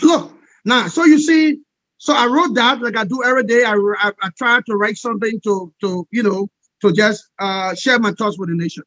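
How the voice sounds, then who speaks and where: A man giving an impassioned political interview as a guest, forceful and repetitive, often asking "all right?". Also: sits high, normal speed, no room sound, dull audio.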